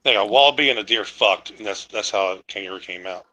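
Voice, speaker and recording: A man's voice: fairly low pitch, fast talker, bright, forceful tone, rough recording. A man on a casual livestream, throwing in short crude joking remarks. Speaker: guest.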